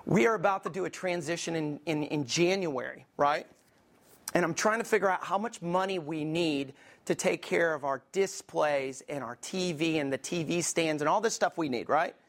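A man's voice: fairly high pitch, normal speed. A man preaching a sermon as a pastor, impassioned and conversational, often turning to the congregation with questions.

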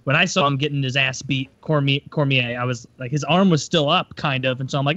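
A man's voice: mid-range voice, a little fast, sharp tone, no echo, muffled recording. A man in casual chat, joking loosely and leaning on filler words.

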